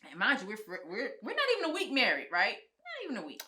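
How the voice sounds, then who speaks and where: A woman's voice: fairly high pitch, fast. A woman, a guest on a chat show, telling a personal story in casual, colloquial speech and acting out what others said. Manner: animated, acts out the quoted lines of others; colloquial, frank speech with swearing. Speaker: guest, film producer and writer.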